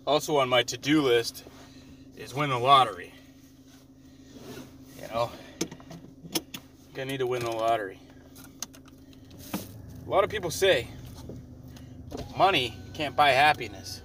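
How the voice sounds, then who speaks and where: A man's voice: medium pitch, lively intonation, moderate pace, long pauses, a bit bright. A young man rambling in a sardonic, profane, meandering way while he drives, talking to a camera in his car. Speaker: vlogger. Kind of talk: rambling casual monologue while driving. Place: inside a car on the road. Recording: road and engine noise.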